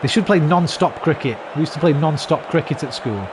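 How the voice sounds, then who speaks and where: Here a Briton in his thirties rants at his football team while streaming the match, cursing liberally in relaxed gaming commentary. He speaks briskly and with animation, in a higher-than-average voice. Background noise is audible.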